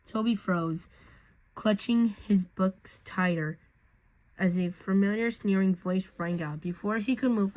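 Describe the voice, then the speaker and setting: A woman's voice: mid-range voice, low-quality recording. Woman casually reading a story aloud. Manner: casual reading with restarts and slips. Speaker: fan fiction reader.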